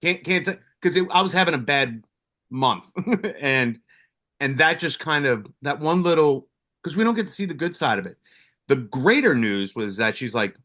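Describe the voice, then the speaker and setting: A man's voice: a little high, animated, normal speed, sharp tone. A middle-aged man, a retired first responder co-hosting a support show, telling stories in a blunt, rambling way with frequent profanity and restarts. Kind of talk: casual storytelling.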